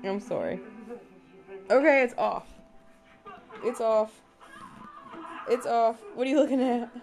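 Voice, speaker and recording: A woman's voice: on the high side, slow, a little mellow, soft background music. A woman who is sick and under the weather, filming at home with a handheld camera and teasing and coaxing her baby in playful baby talk. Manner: coaxing, teasing, sing-song.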